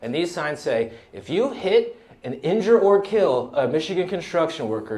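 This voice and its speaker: A man in his thirties performs a stand-up set on a comedy club stage while the audience laughs. His voice is a little high and mellow, with big pitch swings and a moderate pace, and he talks loosely and casually, often laughing between lines. There's a faint hiss or hum on the recording.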